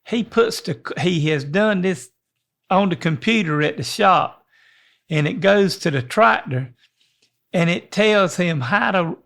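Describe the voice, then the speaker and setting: Folksy and rambling, this older podcast co-host keeps restarting as he chats casually. His high-sitting voice is fairly bright with vocal fry and lively intonation, delivered a little slowly.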